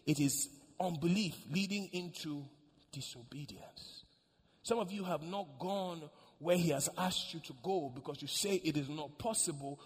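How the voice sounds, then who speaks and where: A man preaching a sermon as pastor, swinging from loud cries to hushed whispers. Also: fairly high pitch, slightly rough, big-room sound.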